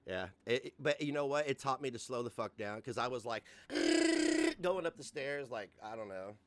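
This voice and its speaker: A man's voice: medium pitch, big pitch swings, moderate pace, slight background noise. A man in his forties hosting a casual livestream rant, profane and mocking, often laughing. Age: 40s. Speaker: host.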